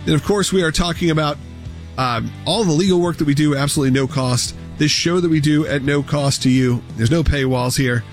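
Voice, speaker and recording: A man hosting a talk radio show, making an earnest, energetic appeal with repeated points. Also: brisk, soft background music. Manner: earnest, energetic pitch with repetitions.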